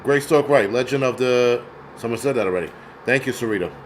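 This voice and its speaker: A man's voice: medium pitch, fairly quick, low-quality recording. Casual male film host, profane and meandering, with faint air conditioning noise. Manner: rambling, profane, searches aloud. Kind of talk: casual livestream commentary.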